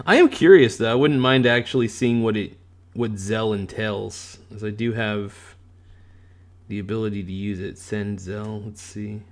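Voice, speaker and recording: A man hosting a casual livestream, joking and teasing his chat viewers in a deep radio announcer voice. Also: normal speed. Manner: joking, teasing, breaks into crooning song. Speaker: livestream host.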